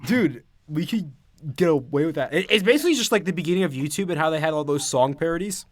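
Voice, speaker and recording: An American man joking around on a podcast, voice a touch high with a lively, swooping pitch. He keeps things playful and crude, often breaking into laughter. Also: quick pace, no echo. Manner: playful, jokey, bursts of laughter. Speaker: podcast co-host. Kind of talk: crude casual banter.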